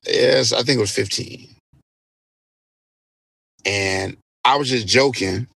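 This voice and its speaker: A man, a DJ guest on an interview podcast, telling a story in a casual, animated way with plenty of swearing. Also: mid-range voice, slow pace, creaky, husky, dry recording. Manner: animated, profanity-laced storytelling.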